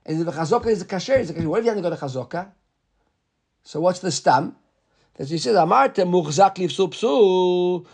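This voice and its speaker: A man's voice: on the high side, lively intonation, dark tone, husky. A man teaching a Talmud class, reading Hebrew and Aramaic aloud and explaining it in casual English with frequent asides. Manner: filler-heavy asides, halting restarts.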